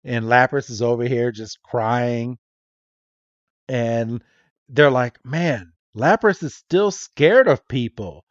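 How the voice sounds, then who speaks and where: A man's voice: mid-range voice, slow, no echo, dull audio. A man co-hosting a podcast, casually recapping a cartoon episode, laughing often and acting out the characters' lines. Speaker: podcast co-host.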